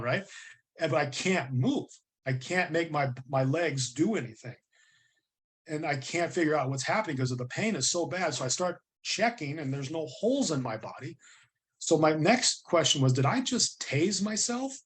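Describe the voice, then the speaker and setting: A middle-aged American man, a guest on an interview show, telling his story earnestly and vividly, acting out the voices of people he quotes. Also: a little high. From United States.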